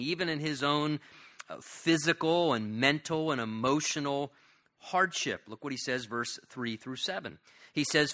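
A man's voice: fairly high pitch, bright, forceful tone. A man preaching a sermon in an earnest, conversational way, often restarting his sentences. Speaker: pastor.

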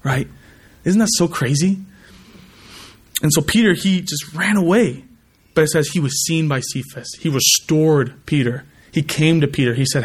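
A man's voice: fairly high pitch, moderate pace, husky. A young man preaching a sermon in a conversational way, often asking the congregation to respond. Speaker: pastor.

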